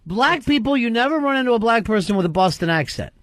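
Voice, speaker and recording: A man's voice: very high-pitched, lively intonation, fast, a bit bright, dry recording. A man hosting a radio show, teasing guests with provocative jokes in casual banter.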